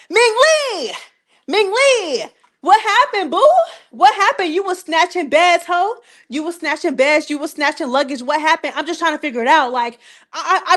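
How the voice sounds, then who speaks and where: A young woman with a high voice hosts a casual live-stream recap. She talks in a loose, slangy way, circling back to the same teasing questions again and again. Her delivery stays animated throughout.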